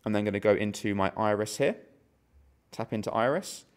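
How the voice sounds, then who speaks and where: A man's voice: on the low side, fairly quick. A man giving a hands-on tech tutorial as a product demonstrator, explaining each step steadily as he goes.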